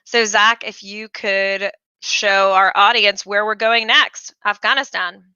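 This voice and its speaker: A woman's voice: mid-range voice, steady tone, slow, pushed and bright, clean tone, dry recording, lo-fi sound. A woman hosting a political commentary show, chatty and opinionated with jokey asides. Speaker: host.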